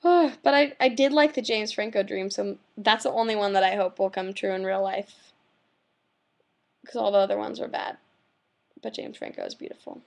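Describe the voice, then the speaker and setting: A young woman vlogging, retelling her dreams in a chatty, animated way, full of "like" fillers. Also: mid-range voice, normal speed, creaky. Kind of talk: casual vlog storytelling.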